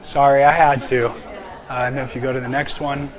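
A man teaching an apologetics class from slides, joking and slowing down to stress key words. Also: medium pitch, little pitch movement, lo-fi sound, a faint crowd.

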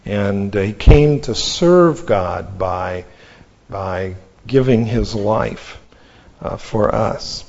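A man teaching a Bible lesson in a sermon, quoting scripture slowly and deliberately. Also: fairly low pitch, animated, vocal fry, darkish tone, lo-fi sound.

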